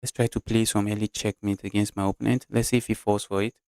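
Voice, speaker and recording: Chess streamer, male, Nigerian English accent, low smooth voice, chatty live commentary, dry close sound. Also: level tone, quick pace, darkish tone, dry recording. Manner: chatty, talks through moves and reads chat aloud.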